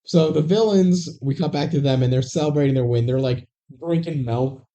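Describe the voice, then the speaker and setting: Mellow-voiced man recapping a movie. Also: fairly high pitch, normal speed. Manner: rambling with many fillers. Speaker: podcast co-host. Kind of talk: casual movie recap chat.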